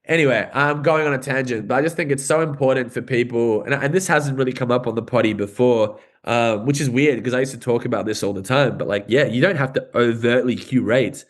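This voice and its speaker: A man's voice: medium pitch, fairly quick, few pauses. Earnest Australian man musing. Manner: earnest, rambling musings with swearing and fillers. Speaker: podcast host and band musician. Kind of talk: casual podcast chat.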